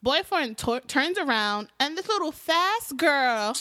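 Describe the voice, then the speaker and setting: Woman, bright voice, close dry sound, casual recap chat, animated storytelling. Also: high-pitched, takes it slowly, no echo. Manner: animated storytelling, acting out characters' lines. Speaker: podcast co-host recapping a TV episode.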